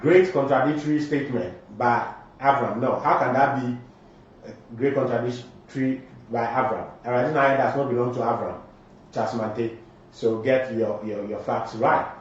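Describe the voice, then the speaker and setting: A man's voice: mid-range voice, fairly even intonation, moderate pace, slight background noise. A man with a Ghanaian accent hosting a live show, switching between Twi and English and reading out viewer comments with emphatic delivery. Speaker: morning show host. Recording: very echoey, distant, dull lo-fi sound.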